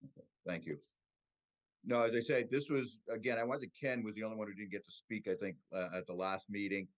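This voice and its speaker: A man's voice: lowish voice, brisk. A man speaking for the applicant at a public board meeting, conversational and rambling. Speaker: applicant representative. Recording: dull lo-fi audio.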